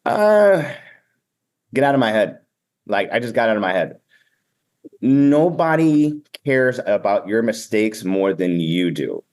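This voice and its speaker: A man's voice: fairly low pitch, big pitch swings, a little slow, a little mellow. A man with a Boston accent, an event emcee speaking energetically and sometimes bluntly in a casual podcast interview.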